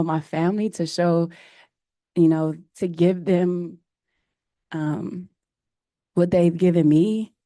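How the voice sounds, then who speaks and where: A woman head coach answering press conference questions in an earnest, emotional way, often pausing with fillers. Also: fairly low pitch, warm tone, dry recording, studio quality. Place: press room.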